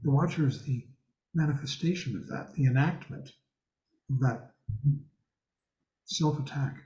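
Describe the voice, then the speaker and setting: Measured man with echoey, dull sound. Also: mid-range voice, warm tone. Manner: measured, emphatic, slows on key words. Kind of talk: teaching in group discussion. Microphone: video call. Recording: echoey, dull video-call audio.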